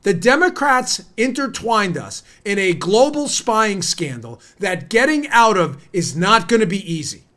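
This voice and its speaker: Heated high-voiced American man. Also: big pitch swings, a little slow, few pauses. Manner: heated and indignant, rising to near-shouting. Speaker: podcast host. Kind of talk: political commentary.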